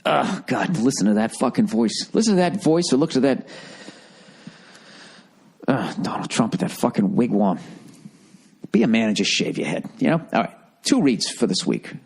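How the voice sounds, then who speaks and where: A man's voice: mid-range voice, very animated, moderate pace, long pauses, darkish tone, husky. Profane ranting middle-aged man. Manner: profane, sarcastic, mocks people in put-on voices. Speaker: comedian podcast host. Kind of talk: rambling comedic rant.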